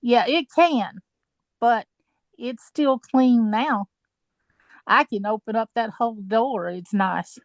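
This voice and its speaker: Give me a talkative older woman sharing stories, slightly high voice, dry recording. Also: slow pace, long pauses, no echo. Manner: chatty, laughs easily, tells long stories. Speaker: guest sharing experiences. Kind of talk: casual chat.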